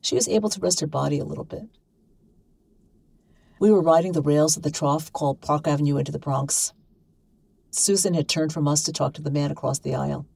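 Low, gravelly woman reading a story. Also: fairly quick, pauses often, a little mellow, low-quality recording. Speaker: reader. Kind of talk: reading a short story aloud.

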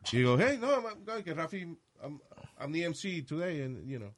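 A man telling animated stories in casual chat, mixing Spanish and English. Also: a little high, brisk, no room sound. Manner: storytelling, switches between Spanish and English. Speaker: entertainer and MC.

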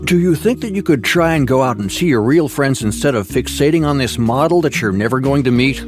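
A man's voice: medium pitch, expressive, fairly quick, lightly acted. A man playing a patronizing, sing-song therapist. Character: calm, patronizing male therapist. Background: background music.

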